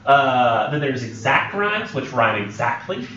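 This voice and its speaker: A man's voice: medium pitch, very animated, a little slow, pushed and bright, a little hiss or hum. Young male instructor, loose and joking, lots of ums, taped from across an echoey classroom. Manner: rambling, joking, many ums and self-corrections. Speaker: college English instructor. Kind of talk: classroom lecture. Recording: roomy, distant, dull lo-fi classroom recording.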